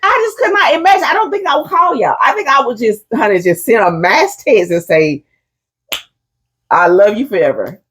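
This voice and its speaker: A woman co-hosting a casual chat, telling stories with lively acted-out voices and calling her friend "honey.". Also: high-pitched, brisk, hardly any pauses. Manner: animated storyteller, acts out crowd voices, says "honey". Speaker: podcast co-host.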